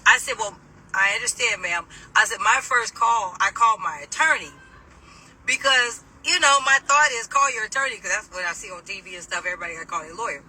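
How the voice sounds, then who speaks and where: Sassy, bright-voiced woman telling a story. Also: mid-range voice, a little fast, breathy edge, recorded from a distance, low-quality recording. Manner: animated, sassy, laughing, mimics people loudly. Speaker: vlogger telling a personal story. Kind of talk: casual storytelling to camera.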